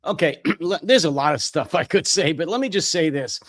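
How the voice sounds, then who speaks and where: A man's voice: on the high side, lively intonation, a little fast. An American man hosting a political talk show, speaking indignantly and emphatically with some hesitations. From United States. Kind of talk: political commentary chat.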